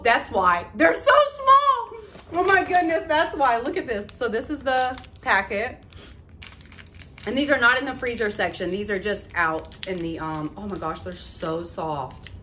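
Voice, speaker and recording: A woman, chatting excitedly to her viewers in a casual haul vlog. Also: medium pitch, a little hiss or hum. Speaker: vlogger.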